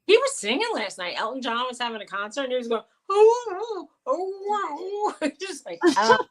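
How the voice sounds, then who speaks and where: A middle-aged woman co-hosting a casual live chat, animated and coaxing her pet in a high baby-talk voice. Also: fast. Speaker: co-host of a live chat show.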